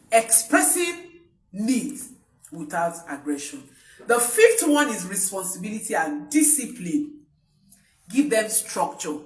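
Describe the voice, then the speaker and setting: A woman, a parenting coach giving an emphatic live-streamed talk to parents, repeating her key points. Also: medium pitch. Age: adult parent. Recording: roomy, voice from mic distance.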